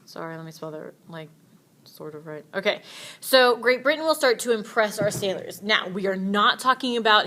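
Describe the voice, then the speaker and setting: A woman's voice: mid-range voice, animated, normal speed, bright, forceful tone. A woman teacher giving a casual, chatty history lecture with playful asides.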